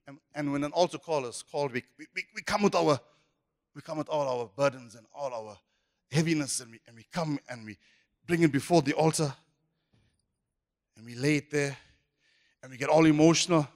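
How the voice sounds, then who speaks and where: A man's voice: a little high, fairly quick, pauses often. A man preaching a sermon as pastor, emphatic and repetitive. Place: church hall. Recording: echoey church hall.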